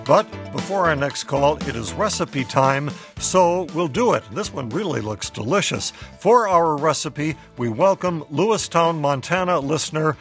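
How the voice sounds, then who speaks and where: A man's voice: a little high, animated, measured pace, few pauses, soft background music. A man hosting a public radio health show, upbeat and laughing as he reads listener letters aloud.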